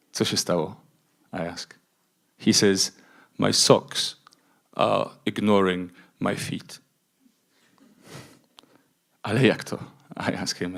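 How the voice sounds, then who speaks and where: A man's voice: deep voice, creaky. A middle-aged man performing spoken word poetry at a conference, introducing his poems in a hesitant, chatty way. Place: conference room before an audience.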